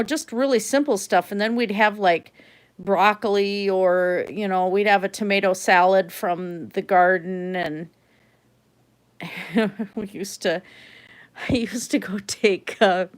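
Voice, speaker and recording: A middle-aged woman with a Minnesotan accent, chatting casually on a livestream and rambling with many fillers and restarts. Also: mid-range voice. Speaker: livestream host. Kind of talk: casual livestream chat while painting.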